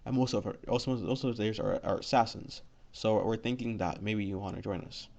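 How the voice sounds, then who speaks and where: A man's voice: lowish voice, a little fast, creaky, a little mellow. A man voicing a young male assassin captain who talks in a hesitant, stuttering way. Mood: calm. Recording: lo-fi dull recording.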